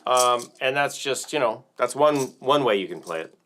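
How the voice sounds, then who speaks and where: A man's voice: medium pitch, animated, normal speed. An American man hosting a casual music livestream, rambling and joking, with plenty of fillers and restarts. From United States. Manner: rambling, joking, with many fillers and self-corrections. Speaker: livestream host and drum teacher.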